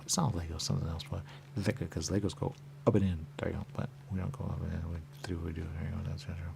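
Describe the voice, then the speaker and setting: Background noise surrounds a man whose creaky, low voice holds a level tone as he talks very fast. He's a radio talk host on a rambling, stream-of-consciousness monologue, looping back to the stock phrase "there you go" and sometimes sinking into whispers.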